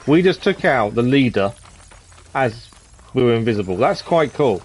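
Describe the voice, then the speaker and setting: A man's voice: medium pitch, expressive, moderate pace, a little mellow, slightly rough. A man from the East of England chatting casually as he plays a game on stream, thinking aloud with plenty of ums. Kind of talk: casual gameplay commentary.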